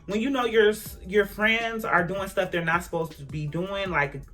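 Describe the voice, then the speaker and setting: Animated woman telling a story to camera. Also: mid-range voice, normal speed, soft background music. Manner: animated, emphatic, talks straight to viewers. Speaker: vlogger. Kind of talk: casual storytime.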